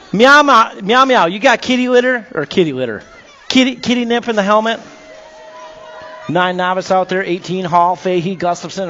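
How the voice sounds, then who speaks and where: A man announcing live BMX races from the track tower, energetic and joking, with playful nicknames for the riders. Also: high voice, highs cut off. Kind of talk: live race commentary.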